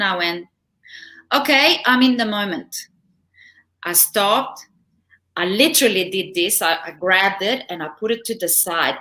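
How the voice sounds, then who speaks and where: Middle-aged woman coach chatting in an interview, bright clear voice, tells stories with lots of laughs. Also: medium pitch. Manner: animated storytelling, laughs often. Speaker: relationship coach, guest. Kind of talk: casual interview chat.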